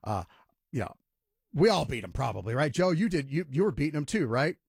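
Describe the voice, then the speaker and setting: A man's voice: fairly high pitch, sing-song, fairly quick, creaky, breathy edge, no echo, clean studio sound. A man hosting a sports talk radio show, ranting emphatically and mocking others in voiced quotes.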